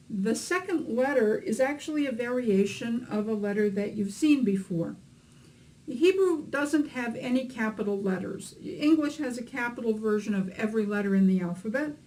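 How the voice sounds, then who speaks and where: On a rough recording, a woman's somewhat high, darkish voice narrates a beginner Hebrew reading lesson. She patiently walks through letters and vowels, using a few fillers.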